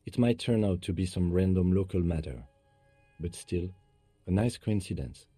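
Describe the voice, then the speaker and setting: Calm, low-voiced police partner. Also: male voice, husky, dry recording, faint music behind. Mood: measured. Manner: measured, understated.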